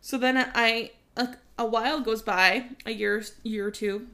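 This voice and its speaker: A young woman co-hosting a casual book chat, animated, swearing freely and trailing off mid-sentence. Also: fairly high pitch, unhurried. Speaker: podcast co-host.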